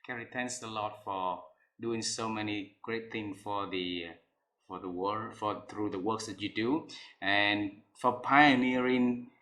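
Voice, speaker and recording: A man's voice: lowish voice, steady tone, slow, sharp tone, echoey room. A man hosting an interview, effusive and full of praise, speaking with repeats and restarts. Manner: effusive, repeats and restarts, non-native grammar. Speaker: interview host.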